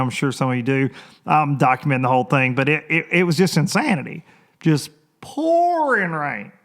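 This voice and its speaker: A man hosting a casual solo podcast, rambling and chatty, energetic, and often repeating his phrases. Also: on the high side. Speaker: podcast host.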